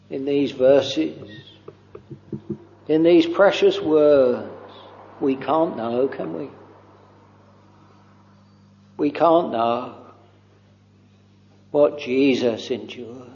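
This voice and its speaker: Very slow-preaching man in a reverberant hall. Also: on the high side. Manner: very slow, halting, with long pauses and soft trailing phrases. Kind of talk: slow devotional sermon. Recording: dull lo-fi recording with long hall reverb.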